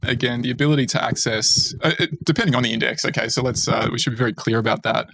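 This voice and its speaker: Gravelly Australian man in his forties. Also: mid-range voice, sharp tone, slight background noise. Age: 40s. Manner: measured and reflective, with frequent restarts. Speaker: fund manager guest. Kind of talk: podcast interview.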